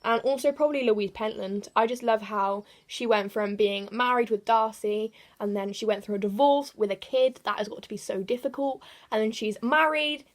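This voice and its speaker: A teenage girl with an English accent chats through a list of questions in her bedroom. She giggles, stumbles over words and lets her sentences fade out quietly. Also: on the high side, moderate pace. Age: teens. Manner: chatty, giggly, self-correcting, trailing off quietly. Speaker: vlogger. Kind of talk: casual chat answering tag questions.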